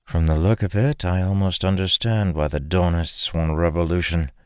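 A man's voice: low-pitched, steady tone, normal speed, clear, resonant tone, no echo, studio quality, close to an everyday voice. A man voicing an earnest, idealistic young woman in a plain, lightly raised tone.

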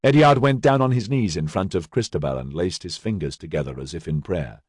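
A man narrating an audiobook in an expressive storytelling manner. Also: sits low, brisk, husky, no echo, clean studio sound.

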